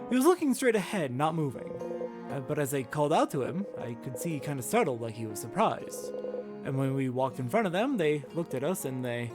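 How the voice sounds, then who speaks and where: A woman voicing a young man who haltingly explains something unsettling, in a near-everyday voice. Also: sits low, big pitch swings. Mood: uneasy. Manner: hesitant, halting storytelling. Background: game music.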